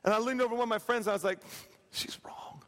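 Animated preacher man in a reverberant hall. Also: high voice, racing. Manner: animated, acts out quotes, plays for laughs. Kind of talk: sermon with storytelling.

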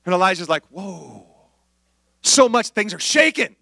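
A male pastor preaching an animated sermon, acting out voices and dropping to near-whispers. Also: high-pitched, unhurried, vocal fry, dry recording, studio quality.

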